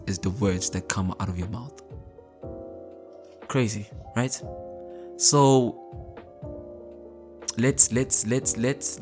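A man hosting a podcast in a casual motivational talk, conversational, repeating words and often checking in with listeners. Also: fairly low pitch. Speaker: podcast host.

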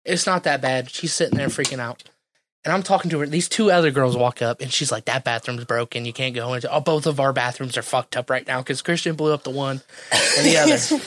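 A young man telling a story in a casual podcast chat, animated and profane, acting out what people said. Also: medium pitch, fairly quick.

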